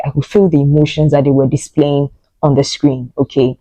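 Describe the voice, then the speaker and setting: Woman, movie reviewer; mellow, warm tone, emotional and rambling with many fillers. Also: low voice, little pitch movement, normal speed, no room sound, rough recording. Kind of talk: casual spoken movie review.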